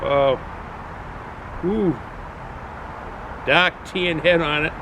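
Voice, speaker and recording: Casual Boston-accented guy, a bit high-voiced, rambling outdoor beer review over clear traffic noise. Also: extremely slow. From New England, US. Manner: rambling, chatty, repeats himself with frequent fillers. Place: outdoors in cold weather.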